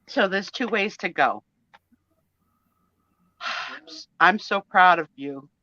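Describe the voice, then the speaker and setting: A woman in her sixties talks in a bright, forward voice, her pitch leaping up and down as she tells her stories. She acts out the other people in them. The sound is dry and a little dull, as from a home stream. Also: takes it slowly, no room sound. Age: 60s. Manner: animated storyteller, acts out quoted voices. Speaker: co-host of a live sale and chat stream. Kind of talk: casual chat.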